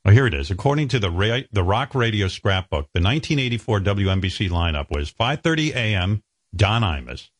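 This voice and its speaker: A man's voice: lowish voice, sing-song, fairly quick, dry recording. Wry, self-mocking male radio host. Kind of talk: casual radio banter.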